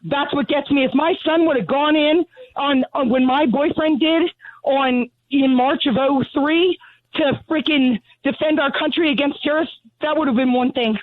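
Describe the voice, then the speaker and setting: A breathless middle-aged woman phones in, blunt and sarcastic, her anger raw. Her high voice comes through thin and tinny, as on a telephone line. The sound is dry and close, with no room around it. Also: normal speed, dry recording. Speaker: caller. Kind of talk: call-in radio rant.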